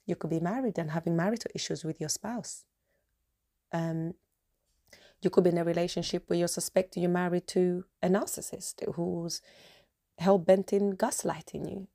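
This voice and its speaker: Passionate gravelly-voiced woman podcaster. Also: lowish voice, steady tone, normal speed, warm tone. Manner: passionate, repetitive, earnest. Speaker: podcast host. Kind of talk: emotional solo podcast monologue.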